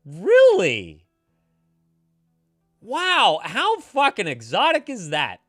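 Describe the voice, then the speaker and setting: A man hosting a casual live stream, reading chat aloud and answering with loud, teasing, profane banter while drinking beer. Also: a little high, huge pitch swings, takes it slowly, long pauses, dry recording, clean studio sound, faint music behind. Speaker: streamer giving advice to chat. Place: home streaming setup, San Francisco.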